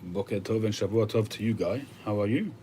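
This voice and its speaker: Male streamer, deep voice, relaxed thinking-aloud chat with viewers, lots of hesitant pauses. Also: slight background noise. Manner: conversational, musing, with frequent hesitations. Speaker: livestream host reading viewer comments. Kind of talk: casual chat.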